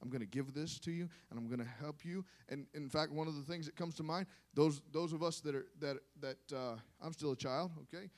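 A man preaching a sermon to a congregation, moving from quiet asides to impassioned shouting and calling on the listeners to respond. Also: fairly high pitch, a little fast, few pauses.

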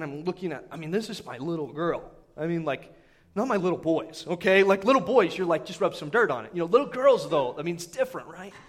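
A man in his thirties, a pastor preaching a sermon, telling a personal story in an animated, conversational way and often turning to the congregation with quick asides. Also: a little high.

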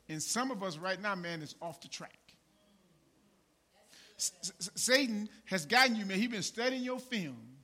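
A pastor preaching a sermon in a conversational way, peppering his lines with "man" and "right?" and swinging from low asides to shouted emphasis. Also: animated, normal speed, long pauses.

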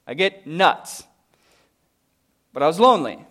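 A man's voice: mid-range voice, unhurried. Emphatic male pastor preaching. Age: adult, father of a young daughter. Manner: storytelling, swings from loud emphatic peaks to hushed quiet. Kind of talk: sermon. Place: church service, recorded live.

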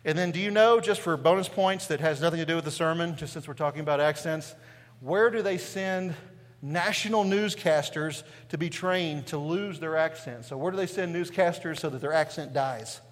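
A man's voice: on the high side, normal speed, in a large hall. A man from East Tennessee with a Southern Appalachian accent, preaching a sermon in a church and peppering it with rhetorical questions. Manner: conversational preaching with frequent rhetorical questions and "right?". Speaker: pastor. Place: church sanctuary.

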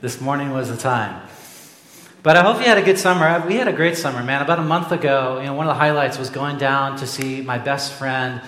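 Young pastor from Oregon, sermon delivery, animated and jokey, mid-pitched voice, echoey hall with long reverb, mic set back. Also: male voice, brisk. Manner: animated storytelling with a jokey aside. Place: church sanctuary.

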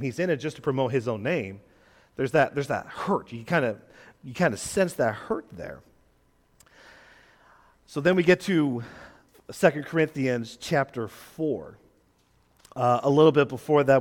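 A young man preaches to a congregation in a loose, conversational way, acting out quoted voices and joking with the people in the pews. His voice sits a little high for a man. The sound carries a long church reverb. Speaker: guest preacher. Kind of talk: sermon. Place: church sanctuary.

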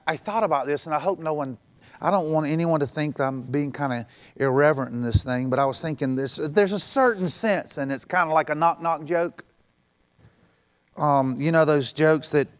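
A middle-aged male pastor preaching a sermon in a conversational way, acting out quoted voices in passing. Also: a little high.

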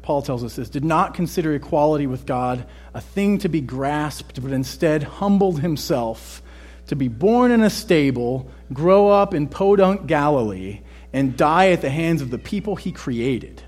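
Husky-voiced man preaching casually. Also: on the high side, animated, unhurried, darkish tone. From Texas. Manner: conversational, often adds "right?". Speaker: pastor. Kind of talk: sermon.

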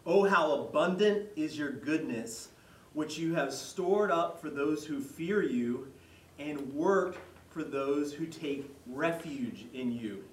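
Man preaching, fairly high voice, animated storytelling, echoey hall, distant mic. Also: slow pace. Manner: conversational, animated retelling with quoted voices. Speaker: pastor. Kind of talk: sermon.

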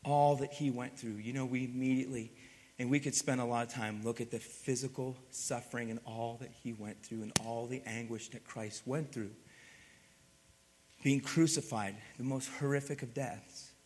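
A male pastor delivers an impassioned sermon in a mid-pitched voice. He swings between forceful, climbing emphasis and quiet, heavy passages. His words trail off into the long reverb of a large hall. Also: steady tone, moderate pace. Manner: swings from loud emphatic build-ups to hushed, low passages.

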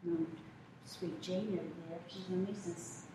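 A woman's voice: fairly low pitch, sing-song, normal speed, background noise. Folksy older woman preaching in a hall. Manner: conversational storytelling, folksy asides. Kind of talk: sermon. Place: church sanctuary. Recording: echoey church from far off.

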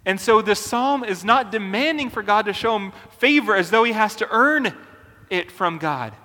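High-voiced preacher in a big hall. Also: male voice, pushed and bright. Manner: earnest, deliberate preaching with emphatic pauses. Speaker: pastor. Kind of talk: sermon.

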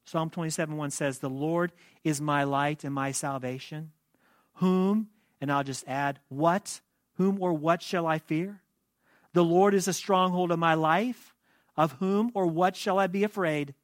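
A man preaches to his congregation, his voice sitting a little higher than most men's. The sound is dry and close, with no room echo. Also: steady tone. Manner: measured preaching with slow, hushed prayerful passages. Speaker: pastor. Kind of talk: sermon.

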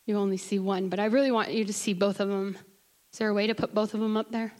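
A woman's voice: mid-range voice, steady tone, quick pace, a little mellow. A woman preaching a sermon in church, moving from conversational asides with the congregation to impassioned calls. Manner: rises to impassioned crying out. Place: church sanctuary.

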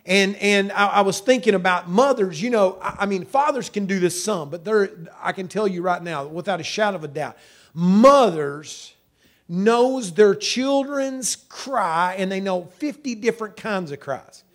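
US male pastor, high-pitched, folksy sermon delivery, repeats himself and says hallelujah often. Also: expressive, measured pace. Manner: folksy, repetitive, with frequent hallelujahs and amens.

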